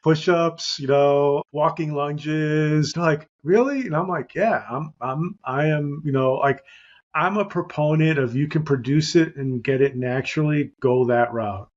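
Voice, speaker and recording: A man's voice: fairly high pitch, steady tone, a little slow, muffled recording. A middle-aged man hosting a podcast, chatting casually and rambling with lots of "you know" fillers. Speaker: podcast host.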